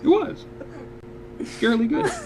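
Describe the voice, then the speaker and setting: Female podcast host, high and very lively, excitable laughing chat, noisy crowd behind. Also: measured pace. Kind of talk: casual chat.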